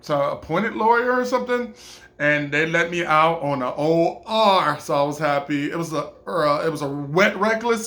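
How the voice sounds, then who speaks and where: A man's voice: a little high, bright, forceful tone. A man casually telling a personal story, acting out other people's voices and laughing often.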